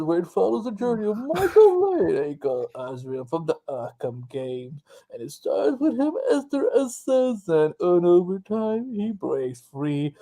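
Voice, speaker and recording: A man co-hosting a casual pop-culture chat show, rambling in quick bursts. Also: sits high, warm tone. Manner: rambling, fast bursts with many fillers and restarts. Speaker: co-host.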